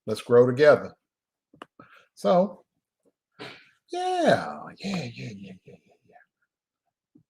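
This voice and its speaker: A man's voice: medium pitch, darkish tone, slightly rough. Laid-back man chatting live. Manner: loose and joking, breaks into laughter, drawn-out pauses. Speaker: filmmaker and live-stream host. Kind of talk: casual live-stream chat.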